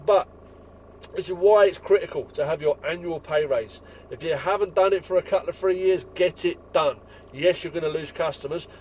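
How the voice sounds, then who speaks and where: High-voiced, sweary man. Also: darkish tone, a little hiss or hum, low-quality recording. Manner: angry, sweary, blunt. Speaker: window cleaner. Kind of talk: ranting vlog to fellow tradesmen.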